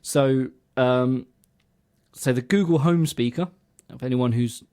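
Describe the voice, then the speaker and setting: A man's voice: mid-range voice, slow, darkish tone, clean tone. A man co-hosting a casual music podcast, explaining things at length in a chatty way. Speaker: podcast co-host.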